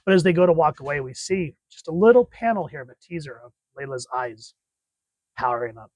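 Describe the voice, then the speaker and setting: A man's voice: on the high side, expressive, a little fast, a little mellow, no room sound. Enthusiastic man reviewing comics. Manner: enthusiastic, chatty.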